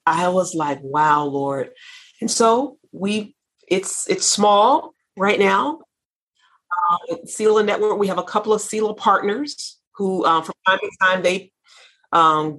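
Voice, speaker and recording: Fervent woman minister on a faith talk show, husky tone. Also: lowish voice, fairly bright tone. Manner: fervent, preacherly, repeats phrases. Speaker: minister and network founder. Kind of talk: christian talk show conversation.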